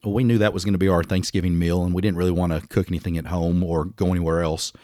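A man's voice: low-pitched, level tone, very fast, dark tone, dry recording, studio quality. A man in his fifties with a Southern US accent, co-hosting a podcast in casual chat, blunt and self-mocking, swearing freely. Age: 50s. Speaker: podcast co-host.

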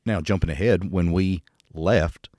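A man's voice: sits low, measured pace, darkish tone, no echo, studio quality. A man co-hosting a podcast, telling stories in a candid, joking way with crude humor and a Texan accent. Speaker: podcast co-host. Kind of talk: casual conversation.

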